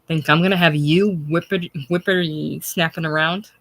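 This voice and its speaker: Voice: medium pitch, steady tone, moderate pace, a bit bright, no room sound, lightly acted. A reader voicing a burly, drunken male smith who threatens in coarse dialect. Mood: threatening.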